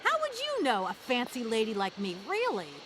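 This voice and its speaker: An actress voicing an ambitious young lawyer woman in a video game, poised, brisk and sharp-tongued. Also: on the high side, wildly swooping pitch, slight background noise. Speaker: game protagonist.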